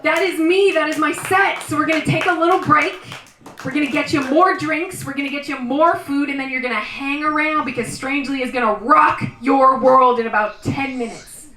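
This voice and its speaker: A woman performing a live stand-up routine, telling exaggerated comic stories with loud animal imitations, then introducing the next act as emcee. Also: high-pitched, moderate pace, slight background noise. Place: small live venue on stage. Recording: roomy live venue, voice from far off.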